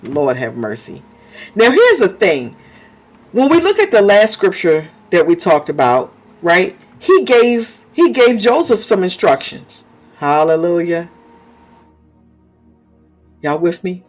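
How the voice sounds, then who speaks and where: A man's voice: high voice, huge pitch swings, a little slow. A man preaching a sermon in a fervent way, often stopping to praise, speak in tongues and laugh.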